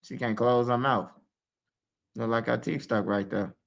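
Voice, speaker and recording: A man's voice: medium pitch, steady tone, a little slow, creaky, highs cut off. A man with a Chicago accent telling his story in casual, profane street slang, full of "man" and "bro".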